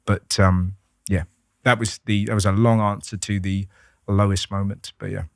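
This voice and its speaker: Man, British accent, halting and sweary storyteller, low register. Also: flat delivery, creaky, dry recording, clean studio sound. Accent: British English. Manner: rambling, halting with many restarts and fillers, swearing freely. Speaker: guest comedian. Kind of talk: candid conversational storytelling.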